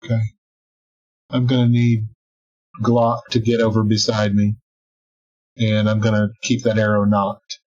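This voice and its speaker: A man's voice: fairly low pitch, completely flat delivery, a little slow, pauses often, a little mellow. A man playing a tabletop game who gives short, terse answers and declares his actions plainly. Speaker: player. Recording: dull lo-fi recording.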